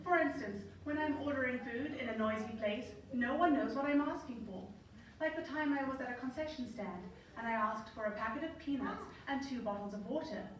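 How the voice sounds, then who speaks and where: A woman in her thirties with a Zimbabwean accent, telling a story on stage with wry, playful timing. Her voice sits fairly high and carries from far off through a very echoey hall with a faint hum. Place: large hall.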